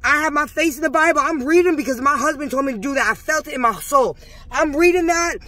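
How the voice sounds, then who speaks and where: A woman's voice: high-pitched, fast talker, sharp tone, dry recording. A woman vlogger intensely recounting a church confrontation to her viewers, agitated and preachy, calling them y'all. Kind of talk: emotional first-person recounting to viewers.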